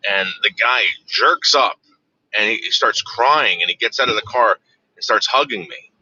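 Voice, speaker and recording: A man with a low, husky voice tells a profane, casual anecdote, rambling and constantly interrupting himself to double back. His delivery is expressive and sharp at normal speed. The recording is dry, dull, and lo-fi.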